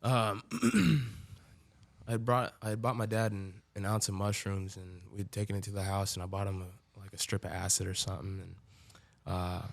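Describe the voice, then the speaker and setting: A man with a deep, gravelly voice tells his own story as a podcast guest. He talks loosely, swears freely and leans on filler words. The sound is close and dry. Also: moderate pace, no echo. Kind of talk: casual storytelling.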